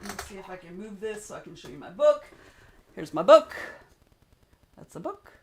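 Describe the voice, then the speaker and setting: A woman's voice: medium pitch, big pitch swings, moderate pace. Chatty Southern woman streamer. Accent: Southern US (Georgia). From United States. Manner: chatty, rambling, greets viewers by name. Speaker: streamer and author. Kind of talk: casual livestream chat.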